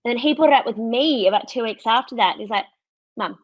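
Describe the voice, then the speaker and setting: A woman's voice: a little high, fast, no room sound. An Australian woman in her thirties tells a personal story in candid, casual chat, laughing often and acting out what others said. Her voice sits close and dry, with a slightly dull, muffled sound. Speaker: podcast guest.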